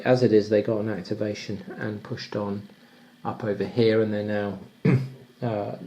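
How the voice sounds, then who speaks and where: A man thinking aloud as he plays through a board wargame, hesitant and full of pauses and fillers. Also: fairly low pitch, mellow, low-quality recording. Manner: hesitant, many pauses and ums, clears throat.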